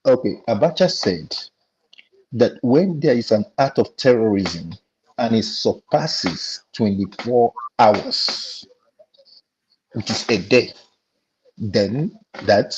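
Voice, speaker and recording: A man's voice: fairly low pitch, takes it slowly, a little mellow, muffled recording, a little hiss or hum. A man with a Nigerian accent in a casual panel discussion, telling an indignant story and acting out the exchanges.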